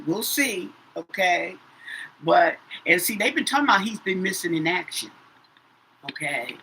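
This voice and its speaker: A woman's voice: on the low side, pushed and bright, a little hiss or hum, rough recording. Chatty woman reading tarot cards. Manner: says "okay?" after nearly every phrase, repeats herself. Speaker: tarot reader. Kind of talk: casual tarot reading to viewers.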